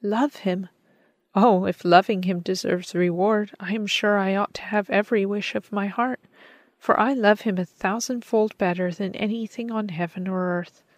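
A woman's voice: medium pitch, steady tone, moderate pace, dry recording, natural voice. A woman voicing a sweet, devout young girl who speaks eagerly and tenderly in a storybook reading. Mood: devoted.

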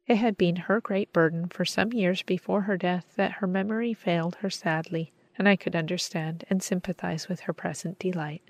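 A woman narrating an audiobook in a measured, gentle manner. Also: fairly low pitch, fairly even intonation, dry recording. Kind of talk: audiobook reading.

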